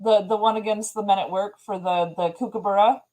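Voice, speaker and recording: A woman's voice: medium pitch, fairly even intonation, a little fast, warm tone, rough recording. A woman co-hosting a casual talk show, chatting freely and laughing often at her own stories. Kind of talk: casual chat.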